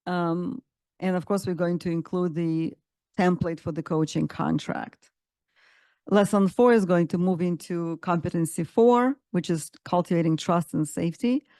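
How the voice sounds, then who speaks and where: Woman, coaching instructor, webinar presentation, enthusiastic, lowish pitch, dry sound. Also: darkish tone, clear, resonant tone, no room sound. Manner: enthusiastic, frequent fillers and restarts.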